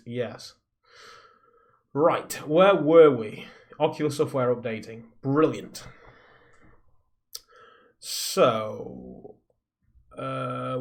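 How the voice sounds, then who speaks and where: A man live streaming from a soundproofed home recording room, rambling in casual chat and reading viewer comments aloud. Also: medium pitch. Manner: rambling, reads viewer comments aloud, skims text with "blah blah".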